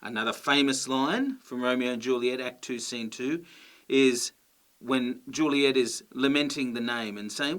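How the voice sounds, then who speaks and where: A man teaching a grammar lesson, explaining clearly and patiently and checking in with his listeners. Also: medium pitch, measured pace, a bit bright.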